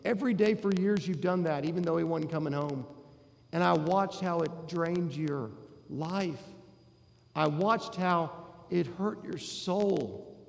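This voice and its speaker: Preacher acting as an aggrieved older son, raised gravelly voice, long reverb. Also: male voice, fairly high pitch, unhurried. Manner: bitter, aggrieved complaining that builds to indignation. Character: resentful dutiful older brother, grown man.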